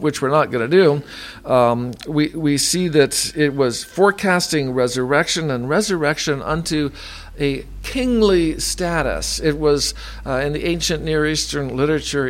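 Man preaching with halting fillers. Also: mid-range voice. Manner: halting, many fillers between readings; self-described monotone delivery. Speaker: pastor. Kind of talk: sermon with scripture reading. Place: room with a heater.

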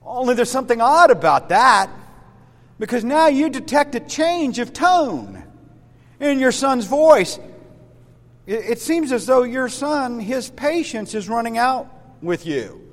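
A man's voice: very high voice, measured pace, long reverb tail. A man, a pastor, preaching a sermon, telling a story and talking straight to his congregation. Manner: storytelling, lively, addresses listeners directly.

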